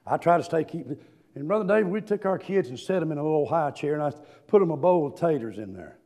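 High-voiced older preacher. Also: male voice, animated, quick pace. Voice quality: high-pitched, rising to shouts. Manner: folksy storytelling, drawling fillers. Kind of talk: sermon.

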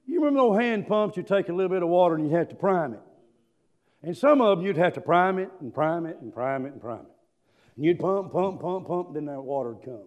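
An older man preaching a sermon, telling folksy stories with drawn-out fillers and climbing into shouts. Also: lively intonation, lo-fi sound. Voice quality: high-pitched, rising to shouts. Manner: folksy storytelling, drawling fillers.

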